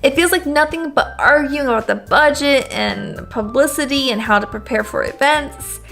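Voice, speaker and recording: A woman's voice: sits high, normal speed, vocal fry, fairly bright tone, soft background music. A woman voicing a confident, self-assured teenage girl who leads a school club. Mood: earnest. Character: poised, confident teen club president girl.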